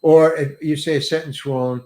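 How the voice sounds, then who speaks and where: A man's voice: fairly high pitch, steady tone, moderate pace, mellow. An older male actor telling a self-mocking anecdote in an interview, acting out the people he quotes. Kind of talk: storytelling in an interview.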